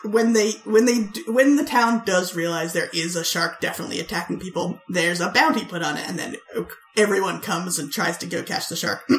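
A woman co-hosting a podcast, telling stories in a casual, animated way and laughing often. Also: fairly low pitch. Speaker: podcast co-host. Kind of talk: casual chat. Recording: roomy echo.

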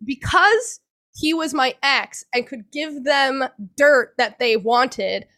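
Young woman guest, high bright voice, halting, restarts a lot, swears, emotional. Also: expressive. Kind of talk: personal account in a podcast interview.

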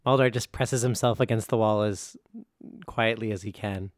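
A man's voice: on the low side, fairly even intonation, normal speed, no room sound, clean studio sound. A man describing his character's actions at a tabletop game, matter-of-fact. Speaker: player.

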